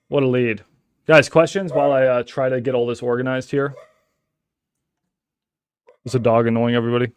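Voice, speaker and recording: A man, running a casual live stream from his home office and chatting excitedly with viewers. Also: medium pitch, clear, resonant tone, no echo. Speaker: wholesaler hosting a live stream. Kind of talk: casual live-stream chat and phone call.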